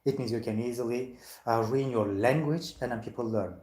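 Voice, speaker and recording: An IELTS teacher leading a practice speaking exam, lively and quick to laugh, slipping into playful impressions of casual speech. The voice sits at an ordinary pitch and carries a noticeable echo from the room around it. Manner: animated, laughs often, mimics slang voices. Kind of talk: mock speaking exam chat.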